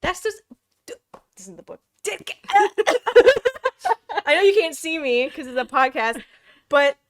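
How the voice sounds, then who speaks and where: Animated, high-voiced podcast woman. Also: moderate pace. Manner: animated, exclamatory, laughs often. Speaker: podcast co-host. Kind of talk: casual book club chat.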